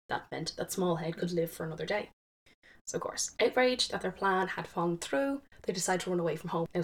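A woman casually retelling a folktale, chatty, with fillers and quick self-corrections. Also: fairly low pitch. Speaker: storyteller.

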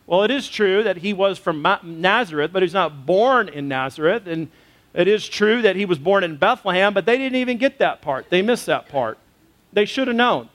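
High-voiced man preaching conversationally. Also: normal speed, a bit bright. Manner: conversational preaching with fillers and rhetorical questions. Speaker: pastor. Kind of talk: sermon.

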